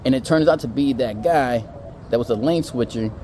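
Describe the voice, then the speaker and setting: Man, casual storyteller, profane and chatty, mellow dark voice, faint outdoor traffic. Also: mid-range voice, normal speed.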